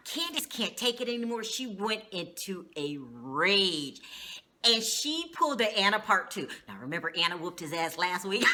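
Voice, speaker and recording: Animated, bright-voiced woman recapping TV. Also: fairly high pitch, measured pace. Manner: animated, gossipy, swears casually. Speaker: TV reality show reviewer. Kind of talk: casual recap monologue.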